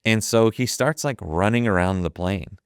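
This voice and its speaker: A man in his fifties from Ohio, telling a wild story as a podcast guest. His low voice is smooth and resonant, and he swears freely while acting out each line of dialogue. The recording is close and dry. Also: normal speed, no echo. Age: 50s. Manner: profane, vivid retelling that acts out the quoted dialogue. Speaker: guest, photographer. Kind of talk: casual storytelling.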